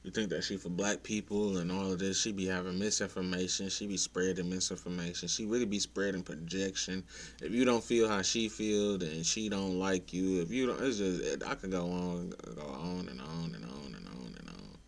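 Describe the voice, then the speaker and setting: A young man talks in a deep, low voice. He runs through a list of his pet peeves in a laid-back, profane way. Now and then his voice climbs in exasperation. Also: normal speed. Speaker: content creator ranting to viewers. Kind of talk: casual opinion rant.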